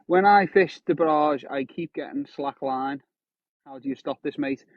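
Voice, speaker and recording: This thirtysomething fishing streamer speaks at a moderate pace in a slightly high voice, chatting with viewers from a windy shoreline. His phone broadcast sounds tinny and dry, without any echo.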